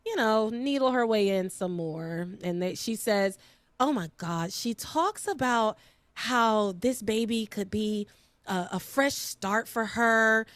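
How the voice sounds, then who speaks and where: A woman host chats casually through a soap opera recap, animated and emphatic. Her voice rises and falls a lot as she talks. The sound is dry and close. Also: a little high, slow pace, no echo. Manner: animated, emphatic, drawls for effect. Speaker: podcast host.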